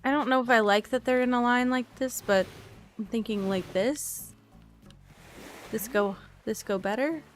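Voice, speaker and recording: A tired woman streamer chatting casually and softly while she plays a game, rambling and thinking aloud as she goes. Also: a little high, measured pace, soft background music. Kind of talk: relaxed casual chat while playing a game.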